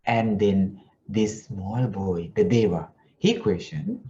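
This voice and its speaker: A man, a Buddhist monk, telling a story in a sermon, slowly and gently with restarts. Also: fairly low pitch, muffled recording, a little hiss or hum. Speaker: Buddhist monk giving a Dhamma talk.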